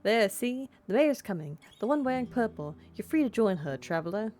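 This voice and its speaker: A woman's voice: medium pitch, sing-song, moderate pace, darkish tone, soft background music, voice pushed up, natural voice. A woman voicing a cheerful, proud male village guard in a video game, with a put-on southern drawl. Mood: eager.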